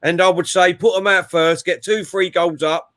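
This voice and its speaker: A man's voice: high-pitched, steady tone, normal speed, fairly bright tone. A man hosting a casual football chat, talking in a friendly way with many hesitations and fillers. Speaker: host.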